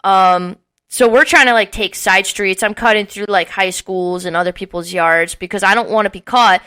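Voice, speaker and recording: A young woman in her twenties tells a rowdy story on a casual podcast. Her voice is bright and clear, and she acts out what people said with a lot of swearing. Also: mid-range voice, normal speed. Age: early 20s. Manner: animated, swearing often, acting out quotes with laughs. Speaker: podcast co-host.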